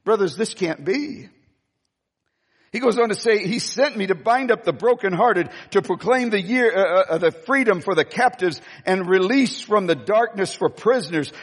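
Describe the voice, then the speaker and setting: A man preaching a sermon with passion, reading scripture with emphatic rises and slowing down on key words. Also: high voice, slightly rough. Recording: long hall reverb.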